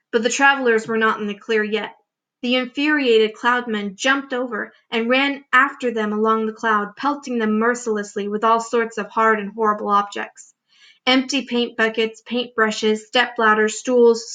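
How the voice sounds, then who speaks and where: A woman teacher reading a children's book aloud with expressive, clear storytelling. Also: a little high, dull audio.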